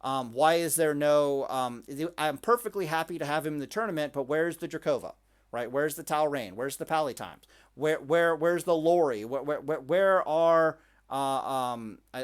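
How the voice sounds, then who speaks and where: A man with a fairly high voice delivers a heated, profane rant as a gaming commentator. He talks in bursts, repeating words and breaking off mid-phrase. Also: normal speed, clean tone. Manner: ranting, profane, repeats words and restarts often.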